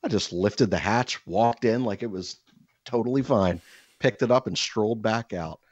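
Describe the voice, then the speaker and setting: Deep-voiced man telling a comic story. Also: moderate pace, slightly rough, no echo, dull audio. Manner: animated, swearing, self-mocking.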